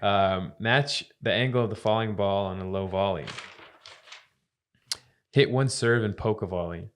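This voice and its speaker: A man's voice: on the low side, measured pace, clean tone. A man co-hosting a podcast, reading a list of coaching tips in a casual way. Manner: reads out a list of tips, laughing lightly.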